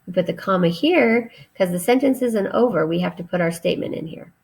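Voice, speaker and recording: A woman teacher giving a recorded grammar lesson to children, patient and deliberate as she spells out each step. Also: lowish voice, gravelly, a little mellow.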